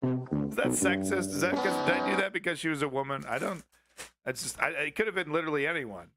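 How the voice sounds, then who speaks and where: A man's voice: on the high side, very animated, brisk, loud music behind the voice. A man hosting a live show, talking casually and sarcastically over news clips in a rambling way. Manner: rambling, sarcastic, laughs often. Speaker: show host reacting to clips. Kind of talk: casual reaction commentary.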